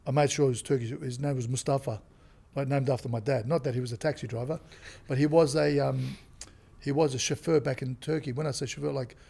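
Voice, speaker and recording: An Australian man, a comedian and actor, chatting as a podcast guest and telling animated stories. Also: medium pitch, fast, gravelly, slightly rough. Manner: animated storyteller who acts out quotes. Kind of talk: casual interview chat.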